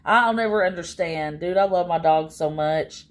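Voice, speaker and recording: A woman's voice: fairly low pitch, moderate pace. A woman chatting casually on a livestream, rambling and exasperated, with many fillers.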